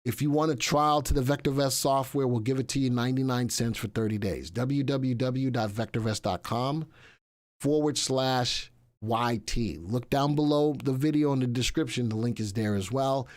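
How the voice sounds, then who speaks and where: A man hosts a live market show in a loose, chatty way, joking with his crew and drifting between asides and plugs. His voice sits at an ordinary middle pitch for a man, neither high nor low. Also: moderate pace, darkish tone. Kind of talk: casual live-stream chat.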